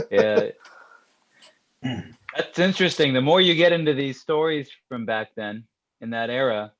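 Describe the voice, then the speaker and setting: A relaxed man with a middle-pitched voice, thinking aloud in an easygoing roundtable chat. The recording is dull and muffled, with the highs rolled off. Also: slow pace, long pauses. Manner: relaxed, reflective, gives short listening replies. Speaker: podcast roundtable participant. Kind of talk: casual chat.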